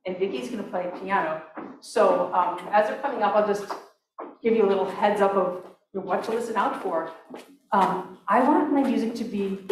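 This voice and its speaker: A woman composer giving a talk about her opera, chatty and full of restarts and fillers. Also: mid-range voice. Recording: echoey hall, mic from far off.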